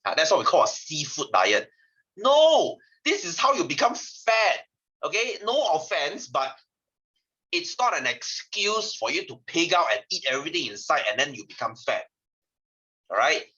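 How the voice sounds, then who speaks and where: A man's voice: on the high side, sing-song, moderate pace, bright, forceful tone, highs cut off. A man with a Malaysian English accent teaching a science class, teasing his students and laughing often. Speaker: science tutor. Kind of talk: joking classroom lecture.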